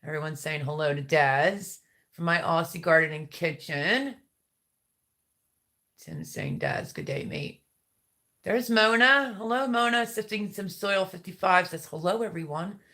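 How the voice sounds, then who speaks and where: A woman's voice: on the low side, a little slow, pushed and bright. Chatty woman hosting a live stream. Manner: chatty and laughing, greets viewers by name. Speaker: livestream host. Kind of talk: casual live chat reading viewer comments.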